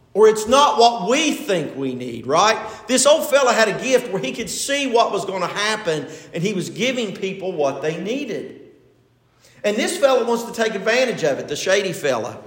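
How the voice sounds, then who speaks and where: An older male pastor preaches in a folksy, storytelling way, his voice sitting high. The sound rings around an echoey hall with a long tail of reverb. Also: very animated, normal speed. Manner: folksy storytelling, retelling a TV episode. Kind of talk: sermon.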